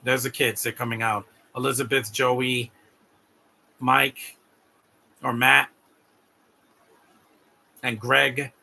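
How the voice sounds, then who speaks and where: A man's voice: medium pitch, level tone, slow pace, gravelly, long pauses, sharp tone. A man giving rambling, heartfelt live commentary on a movie, repeating words as he talks. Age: adult.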